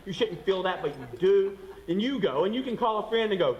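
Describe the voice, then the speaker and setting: Animated male pastor preaching fast. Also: high voice, big-room sound, poor audio. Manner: animated, acts out voices of people in the story. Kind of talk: sermon.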